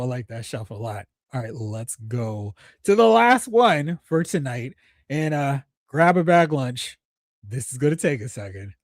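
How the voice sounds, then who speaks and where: A man with a mid-range voice hosts a live stream in a loose, rambling way. He reacts with enthusiasm, speaks straight to the people in his chat, and often stops to restart a thought. The sound is dry and close, with no room echo. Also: medium pitch. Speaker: toy collecting show host. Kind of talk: casual livestream chat.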